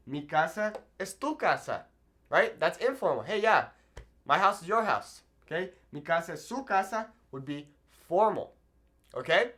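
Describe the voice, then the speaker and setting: A man's voice: a little high, a bit bright. A man teaching a Spanish lesson at a whiteboard, explaining patiently and checking in with "okay?" after each point. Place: room with a whiteboard.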